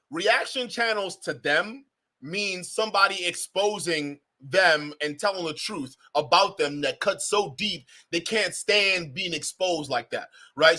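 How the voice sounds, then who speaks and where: Animated high-voiced male streamer. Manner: animated, laughing, mocking, talks to chat. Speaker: reaction channel host. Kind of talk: livestream reaction commentary.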